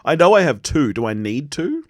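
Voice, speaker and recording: An Australian man rambles through a casual podcast chat, laughing and swearing as he goes. His pitch swings about in a lively way. The recording is close and dry. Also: moderate pace, no room sound. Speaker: podcast co-host. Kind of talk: casual chat recapping a sitcom episode.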